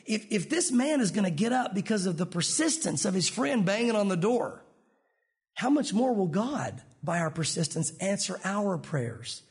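Man, middle-aged, pastor, sermon, high-pitched, animated storytelling. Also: normal speed. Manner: animated, acts out voices of people in the story.

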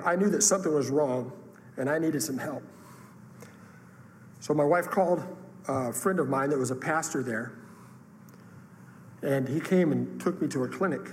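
A man's voice: on the high side, moderate pace, long pauses, darkish tone, slight background noise. A man preaching a sermon, telling a personal story with earnest emotion. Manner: earnest, emotional testimony with rising outbursts. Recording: long hall reverb, faint room ambience.

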